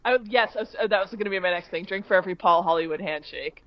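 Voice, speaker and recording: A woman's voice: mid-range voice, fast talker, lo-fi sound. Enthusiastic woman chatting on a podcast. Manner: enthusiastic, laughs often. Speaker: podcast guest. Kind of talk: casual chat.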